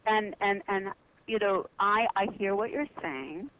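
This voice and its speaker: A woman guest on a radio talk show telling a religious history story in an earnest, halting way with many pauses. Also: medium pitch, smooth, phone-quality sound.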